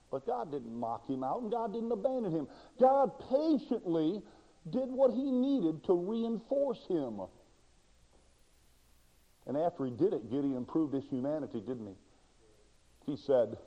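Animated preacher in an echoing hall. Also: male voice, on the high side, unhurried. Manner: dramatic, acts out quoted voices, swings between loud and hushed. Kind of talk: sermon. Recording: dull lo-fi sound in a reverberant hall.

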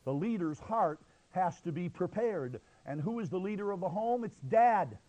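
A man's voice: sits high, animated, normal speed, dark tone, rough recording. A male preacher delivering an impassioned, emphatic sermon.

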